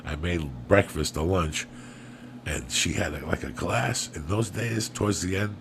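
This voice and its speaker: Gravelly, profane podcast host telling stories. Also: male voice, sits low, unhurried, background noise. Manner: profane, animated storyteller who drops to hushed tones for quotes. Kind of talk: casual podcast storytelling.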